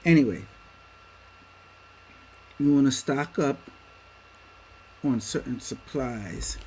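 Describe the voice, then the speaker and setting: A man's voice: medium pitch, slow pace, darkish tone, husky, rough recording. A man hosting a livestream, speaking emphatically to his viewers and firing off rhetorical questions. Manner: addresses viewers as y'all. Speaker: livestream host. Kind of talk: livestream commentary. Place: home setup with a green screen.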